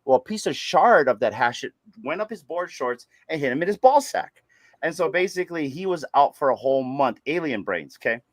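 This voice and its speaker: Male podcast host, animated profane storyteller, dry close sound. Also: a little high, a little fast, no echo. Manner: animated, profane, laughs often. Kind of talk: casual storytelling chat.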